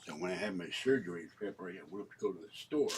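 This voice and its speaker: Rambling about what he bought while at home, an older man talks casually, using fillers and breaking into coughing fits often. His voice is medium-pitched and creaky, and the background is noisy.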